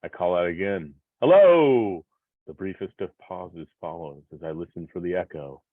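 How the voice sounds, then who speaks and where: A man in his sixties, a professor, reading a personal essay aloud in a measured, reflective way with rhythmic repetitions. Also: low-pitched, steady tone, dry recording. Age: 60s. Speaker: professor presenting a paper. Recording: tinny phone-like line, dry.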